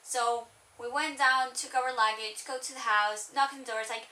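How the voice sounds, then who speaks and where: Young woman, high and bright, rambling vlog story, roomy sound set back from the mic. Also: normal speed, hardly any pauses, far from the mic. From Spain. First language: Spanish. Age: young adult. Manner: chatty, rambling, full of "like". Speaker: vlogger. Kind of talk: casual storytelling.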